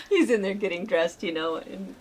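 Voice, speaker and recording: A middle-aged woman chatting casually as co-host, telling animated family stories and laughing often. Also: mid-range voice, slight background noise. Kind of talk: casual chat.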